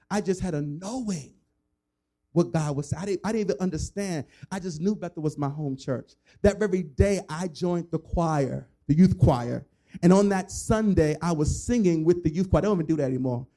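Male preacher with a warm, mellow voice. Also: fairly high pitch, fairly quick. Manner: lively storytelling with laughs and acted-out voices. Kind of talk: sermon testimony. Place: church sanctuary.

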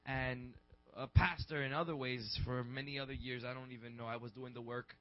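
A man in his twenties, a pastor, preaching in a rambling, conversational way that builds into shouts. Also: medium pitch, fairly even intonation, fairly quick. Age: 20s. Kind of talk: sermon. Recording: dull lo-fi recording.

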